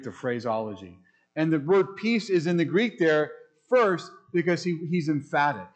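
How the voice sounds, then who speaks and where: A man preaching a sermon as pastor, speaking emphatically, asking rhetorical questions and slowing down to read scripture. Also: fairly high pitch, a little mellow. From United States.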